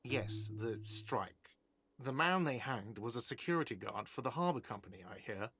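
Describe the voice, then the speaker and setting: A man's voice: mid-range voice, lively intonation, normal speed, fairly bright tone, husky, dry recording. A man voicing a whiny, defensive male diner owner who is exasperated by questioning. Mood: grumbling. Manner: indignant, exasperated.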